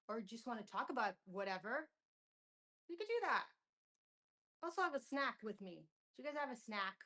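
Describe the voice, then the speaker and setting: A woman's voice: medium pitch, pushed and bright. A woman hosting her first live stream, nervous and bubbly, chatting to viewers and repeating herself, with some echo from an unattached mic. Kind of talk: casual live stream chat. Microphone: camera or built-in mic, mic not attached. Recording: echoey room sound from a detached mic.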